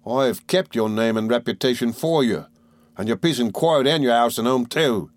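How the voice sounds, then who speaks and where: A man putting on a scheming young clerk from a classic novel, oily and falsely humble, his talk sulky and wheedling. The voice sits higher than the reader's own narrating voice, in a dry recording with no room sound. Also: brisk, a little mellow, dry recording, close to an everyday voice. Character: fawning, sly young male clerk schemer. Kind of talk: audiobook reading.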